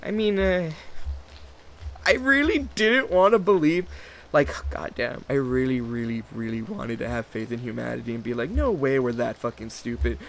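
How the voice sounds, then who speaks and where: A man's voice: mid-range voice, normal speed, fairly bright tone. A man hosting his own channel, rambling through a sarcastic, profanity-heavy rant and mocking other people's voices. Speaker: channel host. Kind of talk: rambling ranting monologue.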